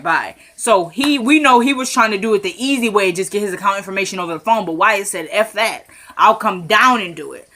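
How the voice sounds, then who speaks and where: A woman casually recapping a TV drama episode, retelling scenes as quick paraphrased dialogue and chatting to viewers as "y'all.". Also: mid-range voice. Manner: addresses viewers as "y'all", rising into animated commentary.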